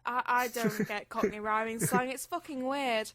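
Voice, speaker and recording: Young woman rambling on a podcast, higher voice, dead dry sound. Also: fairly even intonation, moderate pace, dry recording. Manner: chatty, rambling, swears casually. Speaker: podcast co-host. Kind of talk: casual chat.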